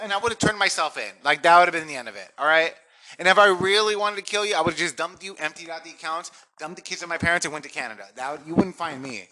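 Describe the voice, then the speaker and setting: A man co-hosting a podcast, chatting casually and telling stories in a loud, joking, profane way. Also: fairly high pitch, fast. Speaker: podcast co-host. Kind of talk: casual crude chat.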